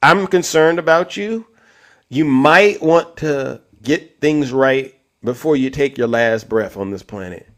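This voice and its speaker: Slow and medium-pitched, this man runs a live stream where he spars combatively with callers. He also turns to speak to his chat and audience.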